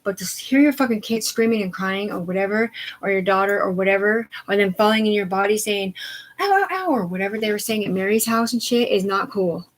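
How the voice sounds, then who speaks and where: Woman going off on a livestream, swearing a lot, jumps from topic to topic, loud one sec then mumbling. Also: mid-range voice, fairly even intonation, a little fast, poor audio. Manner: agitated and profane, swinging to quiet mumbling; rambling, disjointed speech. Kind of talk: unscripted live stream rant.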